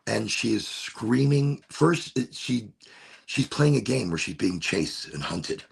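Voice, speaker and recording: A man with a rough, gravelly and very husky voice hosts his podcast from a room at home. He talks in a loose, rambling way. His pitch swings widely from low to high, and he keeps cutting himself off and restarting sentences. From Florida. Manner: rambling, self-interrupting, laid-back. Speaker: podcast host. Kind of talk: casual solo chat. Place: home room with window cracked.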